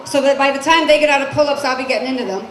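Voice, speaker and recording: Rapid-fire and high-voiced, a woman in her forties does a comedy set on a club stage, brassy and chatty, quizzing people in the crowd. Echo, crowd noise and laughter from the room surround her.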